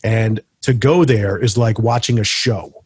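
A man in casual chat who tells animated stories and mimics people loudly. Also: lowish voice, unhurried, husky, dry recording.

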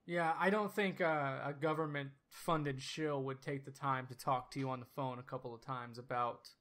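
A man's voice: mid-range voice, fairly even intonation, a bit bright. A man hosting a podcast in casual chat, easygoing and agreeable with his guest. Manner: easygoing, agreeable, quick to laugh along. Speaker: podcast host.

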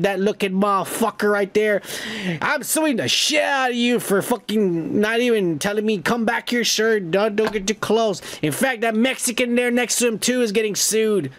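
A man's voice: sits high, fairly bright tone. A man hosting a comedy podcast, ranting indignantly and swearing constantly. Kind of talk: profane comedic rant.

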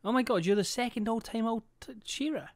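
A young man streaming a game, chatting casually, joking and swearing, and reading out viewers' names in quick bursts. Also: very high voice, no room sound, clean studio sound. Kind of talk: casual live-stream chat.

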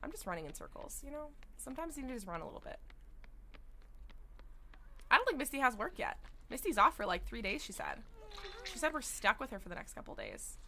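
A young woman streaming a game, chatting excitedly with viewers and breaking into sing-song outbursts. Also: sits high, brisk, long pauses, slight background noise. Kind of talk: live gameplay commentary. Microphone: studio desk mic.

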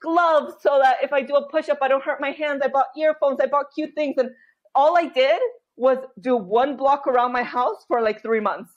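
A high-pitched woman in her thirties, chatting candidly as a podcast guest. She tells her story with animated energy and acts out her own thoughts in quoted asides. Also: normal speed, highs cut off. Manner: animated storytelling, frequent laughter and quoted inner voice.

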